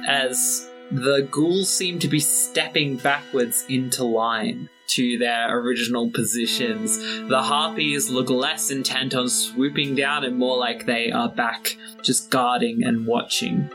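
A man narrating a tabletop game as game master and podcast host, in measured descriptive narration. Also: medium pitch, steady tone, poor audio. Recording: soft music under the voice.

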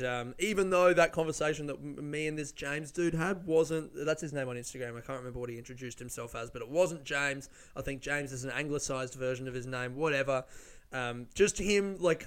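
Smooth-voiced guy, sweary rambler. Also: mid-range voice, a little fast, a bit bright. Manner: rambling, sweary, self-mocking. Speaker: vlogger. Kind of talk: casual storytelling monologue.

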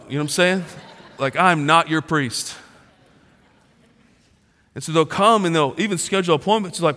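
Man in his forties, pastor, conversational sermon with loud peaks and hushed dips, slightly high, ringing tone. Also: normal speed, long pauses. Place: large church auditorium. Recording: long reverb of a large hall.

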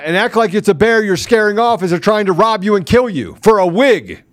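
A man's voice: on the high side, expressive, moderate pace, no room sound. A man hosting a political podcast, ranting angrily and with heavy emphasis. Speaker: podcast host. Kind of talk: heated political commentary.

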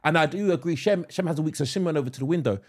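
A man's voice: a little high, rapid-fire, slightly rough. A middle-aged man co-hosting a podcast, chatting casually and acting out the people in his stories. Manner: animated storyteller, acts out voices. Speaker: podcast co-host. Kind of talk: casual chat.

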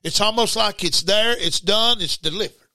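A middle-aged man preaches a loose, conversational sermon to his broadcast listeners. His voice sits high and sounds bright and forceful, with a dry, close sound. He repeats words and breaks into shouts. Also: moderate pace, dry recording.

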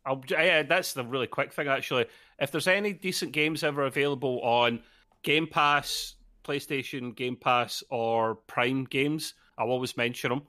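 A man's voice: medium pitch, normal speed, bright, forceful tone, no room sound, studio quality. A Scottish man co-hosting a casual gaming podcast, talking loosely with frequent restarts. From Scotland. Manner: chatty, restarts a lot. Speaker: podcast co-host.

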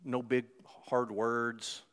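A pastor preaching a sermon in a conversational way, climbing louder and higher for emphasis. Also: male voice, flat delivery, drawn-out words, clear, resonant tone. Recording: preached in a reverberant hall.

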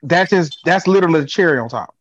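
A man co-hosting a casual sports podcast, talking in an animated, excitable way and riffing with his co-host. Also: fairly high pitch, fast, lo-fi sound.

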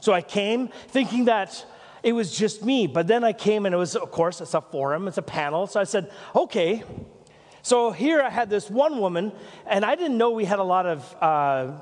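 A Canadian pastor preaches in a rambling, anecdotal way, breaking off into asides and light jokes. His voice sits fairly high for a man. The sermon is recorded with a long reverb trailing in a church hall. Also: animated, moderate pace, darkish tone. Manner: rambling, self-interrupting storytelling with asides and jokes.

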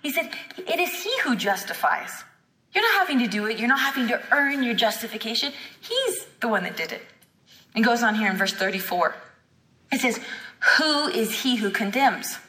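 A woman preaches at a healing school with a fervent, emphatic drive, slipping into the voices of the people she quotes. Her voice sits a little high and comes out bright and forceful. It rings through a roomy hall with a long reverb tail. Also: expressive, moderate pace. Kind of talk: teaching sermon.

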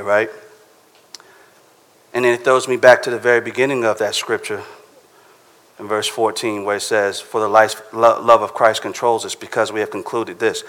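Casual preacher in a reverberant hall. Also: male voice, medium pitch, a bit bright. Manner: casual, conversational preaching with frequent "right?". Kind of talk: sermon.

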